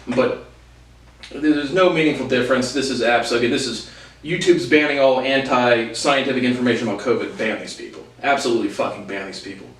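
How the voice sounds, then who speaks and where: An angry man rants to his audience, swearing constantly and insulting his targets, often restarting his phrases. His voice sits at an ordinary middle pitch. It sounds roomy, picked up by a mic some way off. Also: fairly quick, a bit bright, far from the mic. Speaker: video host. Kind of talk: ranting monologue to camera.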